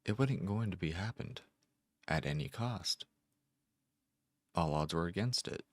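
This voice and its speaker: A man reading a first-person short story aloud in a measured, deliberate way with careful pauses. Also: sits low, animated, no room sound. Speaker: amateur narrator.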